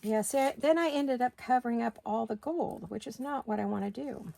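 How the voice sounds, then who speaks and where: A woman's voice: on the high side, a little fast, creaky, warm tone. A middle-aged woman hosting a craft video, chatting casually and thinking aloud as she works. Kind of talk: casual craft-along chat.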